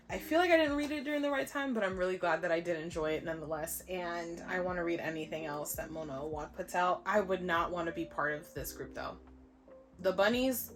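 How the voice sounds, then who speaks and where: A young woman reviewing books in a casual vlog, blunt, sarcastic and quick to swear. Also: fairly low pitch. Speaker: book vlogger. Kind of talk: casual book review chat.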